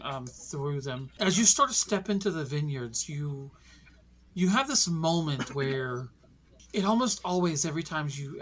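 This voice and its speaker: A woman running a tabletop game as narrator, describing scenes in an eerie, unhurried way. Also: low-pitched, a little hiss or hum. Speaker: game master.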